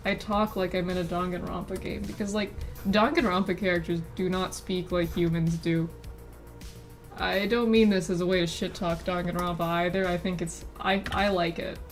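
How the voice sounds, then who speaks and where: Over soft background music, a VTuber draws on a live stream and chats in a rambling way, breaking off often for giggly asides. She speaks at a normal pace in a steady voice on the low side.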